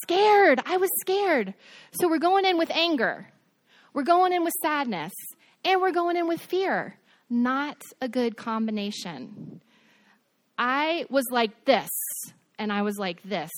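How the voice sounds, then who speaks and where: A young woman preaches to a youth group, her high voice lively as she keeps putting questions to her listeners. The sound is close and dry, with no room around it. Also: no echo. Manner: animated, asks the audience questions. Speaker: youth pastor. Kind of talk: youth sermon.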